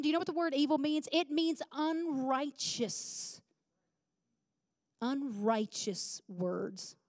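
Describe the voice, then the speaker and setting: A woman's voice: sits high, no room sound, clean studio sound. A woman preaching a conversational sermon, emphatic and asking the congregation questions.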